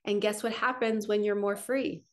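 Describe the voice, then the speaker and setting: A middle-aged woman speaking as a spiritual coach. She talks in a flowing, earnest way and circles back over the same words to drive a point home. Her pitch sits at a medium level for a woman. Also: fairly even intonation, moderate pace. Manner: earnest, flowing, repetitive phrasing. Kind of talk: heartfelt spiritual teaching monologue.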